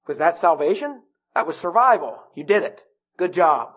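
High-pitched preacher, urgent and pleading. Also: male voice, sing-song, moderate pace. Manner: rising to high urgent pleading pitch, then dropping to quiet emphasis; conversational storytelling with rhetorical questions. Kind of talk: evangelistic sermon.

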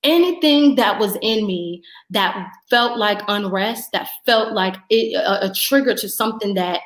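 A woman guest on a faith podcast telling her testimony and acting out her own dialogue with lively energy. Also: medium pitch, measured pace, reverberant. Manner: animated storyteller, acts out her own dialogue.

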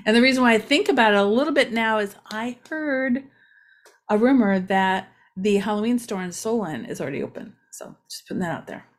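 A woman's voice: mid-range voice, animated, fairly quick. A woman from Ohio hosting a casual local-news vlog, chatty and rambling with many asides. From Ohio, USA. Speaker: local community vlogger.

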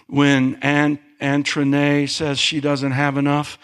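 Animated preacher man, rising high. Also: takes it slowly, hardly any pauses, clear, resonant tone. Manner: animated, swooping pitch, calls for amen. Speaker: pastor. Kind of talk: sermon.

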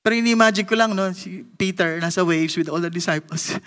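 A man with a Filipino accent preaching a sermon, animated, acting out the lines of the people in his story. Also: high voice, fairly quick, in a large hall. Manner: animated, switching between English and Tagalog, acting out Peter's lines.

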